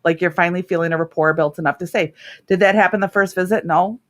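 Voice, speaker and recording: A woman's voice: on the low side, steady tone, quick pace. A middle-aged woman hosting a radio talk show, a therapist telling stories about her clients in a casual, earnest way. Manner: earnest, warm storytelling with laughs.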